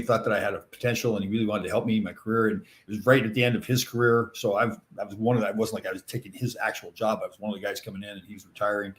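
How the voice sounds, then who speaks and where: A middle-aged man hosting a podcast, chatting casually and answering listener questions, rambling with lots of fillers and laughing often. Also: fairly low pitch. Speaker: podcast host.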